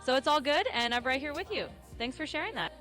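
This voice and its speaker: A woman co-host answering in a smooth, reassuring, agreeable way. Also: high-pitched, lively intonation, quick pace, pushed and bright, soft background music. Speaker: affirming co-host.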